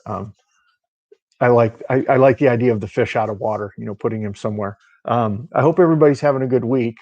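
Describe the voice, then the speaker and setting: A man's voice: mid-range voice, a little mellow, highs cut off. A middle-aged man, an author who hosts a show, chatting casually after a reading in a rambling, chuckling manner. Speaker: author and host.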